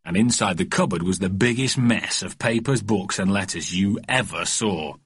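A man narrating a children's storybook in a lively, expressive reading. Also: low voice, normal speed, slightly rough, dry recording, studio quality. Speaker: audiobook narrator.

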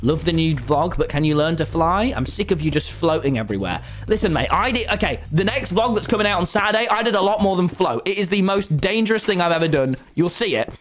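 A male streamer in the middle of a game, his voice pitched high and bouncing all over the place. He yells and chatters excitably, and music plays clearly behind him. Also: fast talker, hardly any pauses. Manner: loud, excitable, yelling in bursts. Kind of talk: live-streamed gaming chat.

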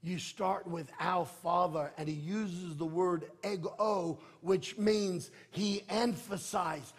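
An older man preaching a sermon as pastor, emphatic, swinging between loud proclaiming and soft, low-voiced stretches. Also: fairly even intonation, takes it slowly, few pauses, husky.

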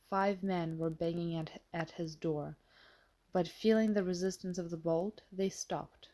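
A woman narrating an audiobook with a steady, measured reading. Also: lowish voice.

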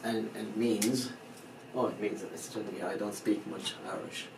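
A man's voice: fairly low pitch, fairly even intonation, moderate pace, recorded from a distance. A man giving an informal language lesson, who explains patiently, repeats each phrase and spells out words letter by letter. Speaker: language teacher. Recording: echoey room, voice from off-mic, faint background hum.

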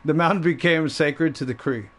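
A man's voice: fairly high pitch, fairly bright tone. A man casually playing a video game, reading in-game notes aloud and now and then tripping over words. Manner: reads aloud haltingly, stumbling on words and laughing at himself. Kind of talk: casual let's-play commentary.

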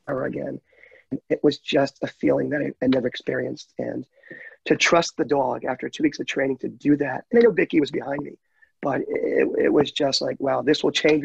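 A man's voice: mid-range voice, creaky, darkish tone, breathy edge, dry recording, highs cut off. A man telling his story in an interview, heartfelt and candid, choking up at times. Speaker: guide dog client telling his story.

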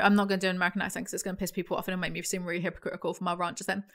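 A woman's voice: on the low side, flat delivery, very fast, fairly bright tone. A young English woman with a London accent, ranting sarcastically in casual commentary and swearing freely. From England. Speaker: commentary YouTuber.

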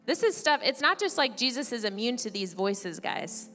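Woman pastor preaching in a church, a bit high-pitched, long hall echo and soft music under. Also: sing-song, normal speed. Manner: conversational preaching, reads scripture aloud. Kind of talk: sermon. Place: church sanctuary.

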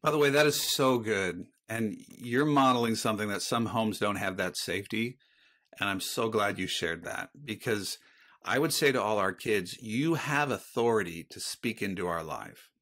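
A man's voice: on the low side, lively intonation, moderate pace, fairly bright tone. Earnest reflective man, podcast guest. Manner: earnest, reflective, faith-based talk. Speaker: guest author. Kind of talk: conversational podcast interview.

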